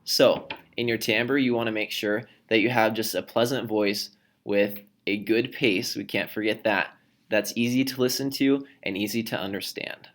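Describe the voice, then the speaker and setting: Guy teacher w/ a lowish voice walking through a lesson, shows stuff by reading it out. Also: fairly even intonation, normal speed, a bit bright. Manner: plain explaining, demonstrates with his voice. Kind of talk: recorded classroom lesson.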